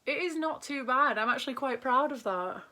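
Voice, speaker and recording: A young woman with a Northern English accent chatting casually while doing her makeup. She rambles, often drops into soft half-whispers, and lifts her voice at the end of sentences. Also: high-pitched, expressive, fairly quick. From Northern England. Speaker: beauty vlogger.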